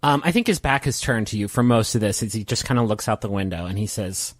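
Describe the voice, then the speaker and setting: A man's voice: fairly low pitch, fast, hardly any pauses, no room sound, clean studio sound. A man narrating as game master in a loose, casual way, with fillers.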